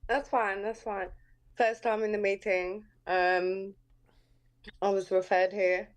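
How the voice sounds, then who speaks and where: Slow, hesitant woman with a London accent. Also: medium pitch, little pitch movement. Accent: London English. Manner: hesitant, many fillers, grateful. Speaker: meeting participant. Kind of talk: sharing in a recovery meeting. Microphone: video call.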